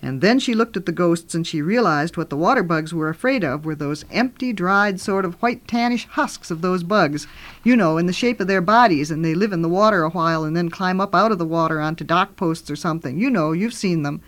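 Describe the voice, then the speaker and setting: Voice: medium pitch, a little fast, fairly bright tone. An author reading from their own book aloud and retelling the story in a homey, conversational way.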